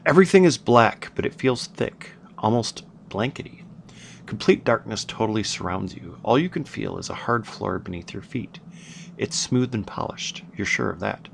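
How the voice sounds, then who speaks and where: A man reading a narrative horror game's text aloud, with halting asides between smoothly read passages. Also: on the low side, animated. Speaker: gameplayer narrating. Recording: noisy home setup with background music.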